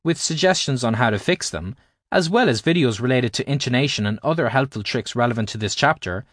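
A man from Ireland, reading his own language-learning book aloud in a clear, explanatory teaching manner. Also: mid-range voice, animated, brisk, fairly bright tone, dry recording, studio quality. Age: adult, at least 20s. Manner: explanatory, carefully paced teaching delivery. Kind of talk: scripted audiobook narration.

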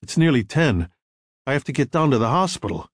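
A young ex-soldier in a storybook, calm and secretive, with a dry sense of humor, as a male narrator reads him. His pitch moves in a lively way. The recording is close and dry. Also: brisk, slightly rough, no echo. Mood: wry. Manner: calm, guarded, dryly humorous. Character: young American man, ex-soldier, guarded, wry. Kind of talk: audiobook character reading.

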